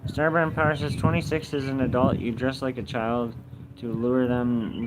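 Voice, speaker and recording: A man's voice: medium pitch, moderate pace. Young man streaming outdoors by a lake. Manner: flat, mumbled chat reading with defensive outbursts. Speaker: live streamer. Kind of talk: casual live stream, reading chat aloud. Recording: noisy outdoor phone recording.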